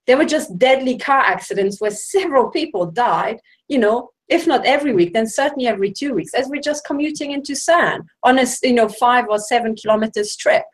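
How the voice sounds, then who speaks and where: A woman's voice: fairly high pitch, a little fast, few pauses, low-quality recording. A woman speaking as a guest in a group discussion, talking in long runs in a sarcastic and emphatic way.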